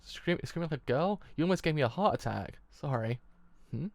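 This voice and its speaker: A man's voice: fairly high pitch, lively intonation, no room sound. A man with a sore throat, chatting casually during a live comic read-aloud. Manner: quick read with stumbles and restarts. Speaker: streamer reading a comic live.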